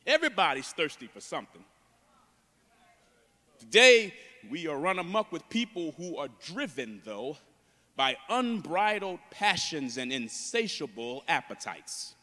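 A man preaches in a big church, his high voice swooping and climbing as he gets fervent. His tone is bright and ringing, and the sanctuary's long reverb trails every phrase. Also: unhurried, long pauses. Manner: builds from calm teaching to loud fervent preaching. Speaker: guest preacher. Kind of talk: preaching a sermon. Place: large church.

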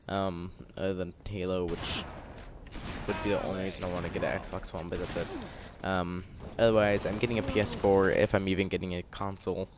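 A teenage boy talks over his gameplay in a loose, rambling way, with constant fillers and restarts. His voice sits a little low and he keeps slipping into heated rants. A faint hiss sits under the recording. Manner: rambling, filler-heavy, frustrated ranting. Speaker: gaming YouTuber. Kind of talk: casual gameplay commentary.

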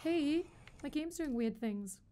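Between fights in her live game stream, this chatty woman thanks and talks to her viewers, while the fights themselves bring panicky outbursts and swearing. She speaks slowly in a high, expressive voice with a dark tone. There's a little hiss or hum in the audio.

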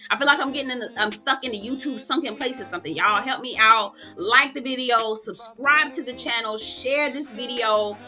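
Woman host, sassy recap, high and bright. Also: normal speed, few pauses, faint music behind. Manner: sassy, profane, animated. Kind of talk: casual reality-TV recap.

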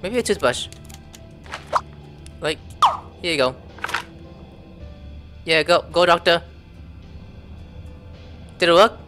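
A man's voice: fairly high pitch, expressive, takes it slowly, pauses often, a bit bright, soft background music. A man giving casual let's-play commentary, thinking aloud and breaking into sudden surprised outbursts. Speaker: gameplay commentator.

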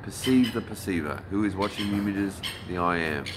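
A man's voice: sits low, a little fast, noisy background. A man on a city street at night, musing in a preachy spiritual way to a vlogger. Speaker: passerby.

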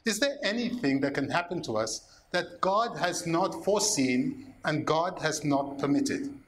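A man, a priest preaching a sermon, slow and emphatic, asking rhetorical questions. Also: a little high, animated, fairly bright tone, a little hiss or hum.

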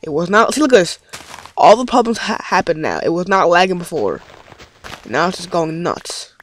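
A man's voice: high-pitched, lively intonation, moderate pace, fairly bright tone, a little hiss or hum. A man giving rambling let's play commentary on his game, easily frustrated and swearing often. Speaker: gaming commentator.

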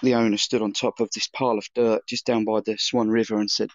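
A chef telling long anecdotes in a casual interview, with many fillers and restarts. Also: male voice, fairly low pitch, little pitch movement, fast, no room sound, muffled recording. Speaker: chef guest.

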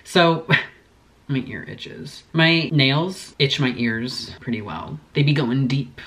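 A woman's voice: rumbling low, takes it slowly, low-quality recording. A woman YouTuber giving casual gaming commentary, chatty and rambling, swearing constantly and easily startled. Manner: chatty, rambling asides to viewers. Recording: music playing behind the voice.

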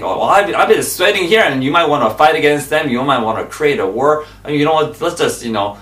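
A man preaching an informal sermon, repeating his points and exhorting his listeners, swinging between loud emphatic bursts and hushed whispers. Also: medium pitch. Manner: repetitive, exhorting, drops into asides. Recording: echoey room, voice from a distance.

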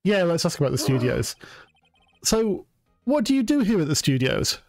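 An amused co-host chats on a game livestream, chuckling often between lines. The voice sits at a middle pitch, and the sound is dry and close. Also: very animated, normal speed, gravelly, a little mellow, no echo, faint music behind. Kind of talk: casual chat on a game stream.

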